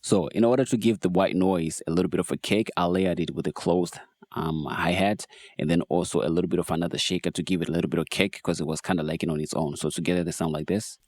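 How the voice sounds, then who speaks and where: A man casually walking through how he built a beat, in a laid-back, relaxed way, as host of a production tutorial. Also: low voice, quick pace, dry recording. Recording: faint music behind voice. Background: beat playback.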